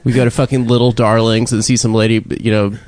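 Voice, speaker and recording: A man's voice: medium pitch, level tone, fast, a little mellow, dry recording. A man co-hosting a podcast, telling rambling, self-deprecating stories with lots of swearing. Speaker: podcast host. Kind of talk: casual banter.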